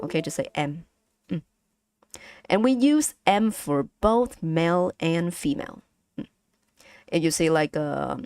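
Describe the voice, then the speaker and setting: A woman's voice: low-pitched, a little mellow, no echo, clean studio sound. A woman with a Vietnamese accent teaching pronunciation on a casual live stream, patiently repeating sounds for her chat.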